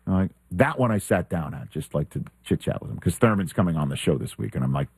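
A man hosting a sports talk show, telling a lively anecdote and acting out the quoted exchanges. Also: low voice, fast talker, husky, no room sound. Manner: animated storyteller who acts out quoted exchanges.

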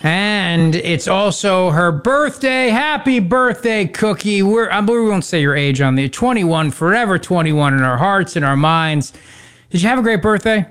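A man's voice: sits high, lively intonation, unhurried, a bit bright, clear, resonant tone. A man hosting a radio talk show, bantering and teasing his co-host in a dry way. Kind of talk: casual chat.

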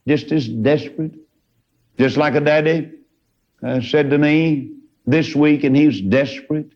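A man's voice: medium pitch, darkish tone. A man preaching a sermon in a fervent, folksy way, with sudden rises in his voice. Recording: dull lo-fi recording.

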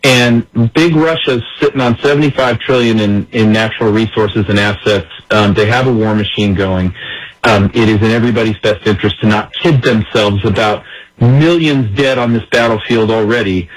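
A man's voice: lowish voice, normal speed, low-quality recording. A man giving emphatic political commentary in an interview, acting out the words of others as he explains. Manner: emphatic, acts out quoted speech.

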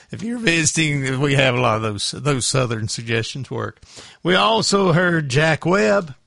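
A man hosting a morning radio show, chatting in a relaxed, folksy, easygoing way between records. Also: on the high side, creaky, no echo, studio quality. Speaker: radio host. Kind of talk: casual radio chat. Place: radio studio.

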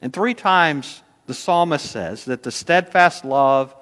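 A man preaching a sermon as pastor, earnest, slowing down to stress key words. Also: a little high, expressive, fairly bright tone, long reverb tail.

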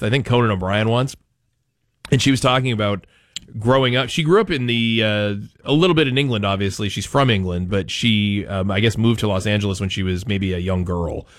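A man's voice: lowish voice, no echo, clean studio sound. A man from Maine hosting a talk radio show in a chatty, rambling way. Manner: chatty, rambling, quick to joke. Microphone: studio microphone.

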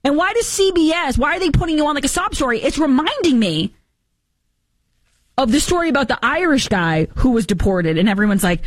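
Woman host ranting about the news, sarcastic, pitch jumping all over, dry close mic. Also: a little fast, no echo. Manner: animated, sarcastic, mimics other people's voices. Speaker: political commentary host. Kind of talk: opinionated political commentary.

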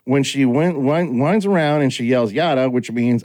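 A man's voice: medium pitch, normal speed. A middle-aged man hosting a casual chat, telling stories and acting out quoted lines. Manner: animated storyteller, acts out quoted lines. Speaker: podcast host.

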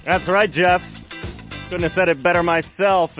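A man's voice: high-pitched, a little slow, fairly bright tone, faint music behind. A man with a nasal voice hosting community radio from the studio, chatting in a jokey, self-deprecating way. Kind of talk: casual live radio chat.

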